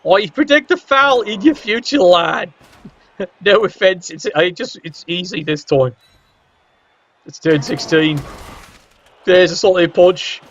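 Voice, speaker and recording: A man's voice: high voice, slow pace, long pauses, a bit bright. A man giving casual, wry commentary on a video game match and teasing the players. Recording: dull lo-fi recording.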